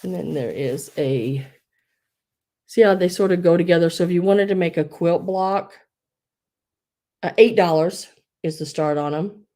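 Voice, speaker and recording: A low, mellow-voiced woman chats her way through a live online sale. She rambles, restarts her sentences and fills gaps with ums, and her breath is a little wheezy. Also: unhurried, pauses often. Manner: rambling, many fillers and restarts. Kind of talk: casual live sales chat.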